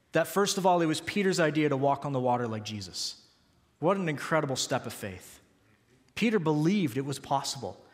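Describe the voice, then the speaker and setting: Man, pastor, sermon, high voice, long hall echo. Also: a bit bright. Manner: earnest, rising to emphatic peaks.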